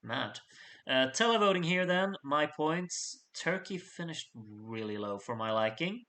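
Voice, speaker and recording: A man's voice: on the high side, expressive, measured pace, bright, forceful tone. A man hosting a live fan vote, reading out points with chatty, jokey asides to his audience. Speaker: host reading out fan contest votes. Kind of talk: casual live voting commentary.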